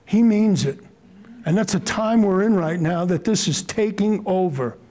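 A middle-aged man preaching a sermon as pastor, fervent and forceful at times, then slowing and softening. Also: high-pitched, expressive, poor audio. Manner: fervent, rising to forceful emphasis, then slow and soft.

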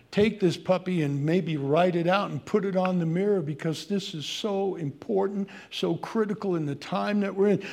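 A man preaching a sermon, swinging from loud emphasis to hushed pleading as he addresses his congregation. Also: sits high, moderate pace, vocal fry, few pauses. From Irish heritage. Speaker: pastor.

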